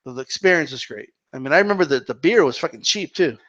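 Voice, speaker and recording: A man's voice: a little high, lively intonation, fast talker, fairly bright tone, muffled recording. A man hosting a live Q&A stream, chatting casually in a rambling way and swearing freely. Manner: rambling and profane.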